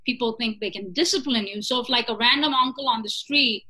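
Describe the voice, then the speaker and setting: A young woman with a bright, fairly high voice, chatting in a conversation. She tells a story with real energy and keeps checking in with her listener with "right?" and "you know?". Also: fairly quick, low-quality recording. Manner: animated, asks "right?" and "you know?" often.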